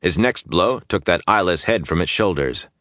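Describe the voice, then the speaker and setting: A man's voice: low-pitched, animated, normal speed, fairly bright tone, no room sound, clean studio sound. A man narrating a fantasy audiobook with intense, dynamic storytelling that swells through the battle scenes.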